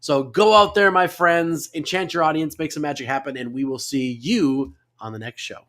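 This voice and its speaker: A man's voice: fairly high pitch, normal speed, fairly bright tone. Upbeat man hosting a live interview. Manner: upbeat, effusive, with exclamations. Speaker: host.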